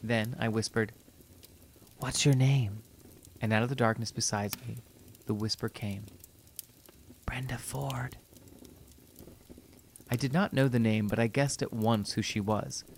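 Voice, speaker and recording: A man narrating a story in a measured, even reading voice. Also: fairly low pitch, slight background noise.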